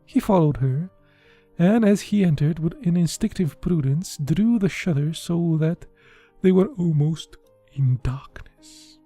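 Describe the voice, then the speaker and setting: An audiobook narrator reading a literary novel in a measured, even way. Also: mid-range voice, no room sound, faint music behind.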